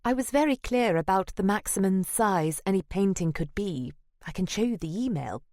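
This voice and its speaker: A woman narrating an audiobook, voicing a stressed woman gallery worker in a higher, hushed whisper. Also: expressive, moderate pace, no room sound, studio quality, lightly acted.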